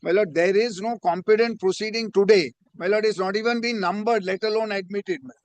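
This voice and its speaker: A man's voice: high voice, fairly even intonation, a little fast, no echo. A man arguing before a judge in a courtroom, deferential and formal, inserting "my lord" into nearly every phrase. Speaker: advocate.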